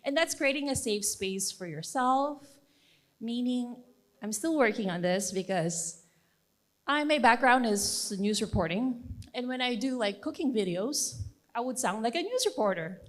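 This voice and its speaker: A fairly high-voiced woman speaks at a conference. She talks to the audience like friends, casual and encouraging, leaning on fillers as she thinks aloud. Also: expressive, a little slow. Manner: conversational, encouraging, with many fillers. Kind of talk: conference presentation.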